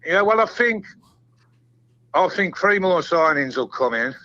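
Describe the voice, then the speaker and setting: Sweary caller on a dull phone line. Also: male voice, a little high, expressive, a little slow, pushed and bright. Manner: swears freely, laughs often. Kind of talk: phone-in chat.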